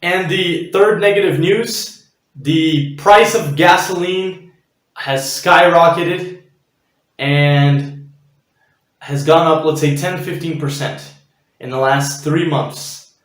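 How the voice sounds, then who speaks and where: A man hosts his own motivational vlog, chatting casually and checking in with viewers. His voice sits high for a man, and the room rings with heavy echo. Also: takes it slowly, pauses often, fairly bright tone. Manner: chatty, frequent "okay?" and "right?" check-ins. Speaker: channel host. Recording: echoey room.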